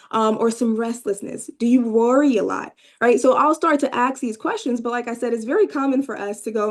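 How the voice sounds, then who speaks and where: A woman presenting a mental health workshop to a room and a video call, talking conversationally, asking the audience questions and often checking in with "right?". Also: a little mellow. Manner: acts out clients' inner voices with rising pitch. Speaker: workshop presenter, therapist trainee.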